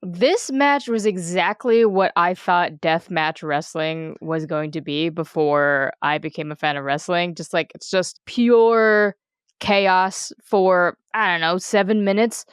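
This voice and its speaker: A woman's voice: lowish voice, slow, clear, resonant tone, no echo, studio quality. A young woman co-hosting a podcast, answering bluntly in laid-back casual chat. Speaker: podcast co-host.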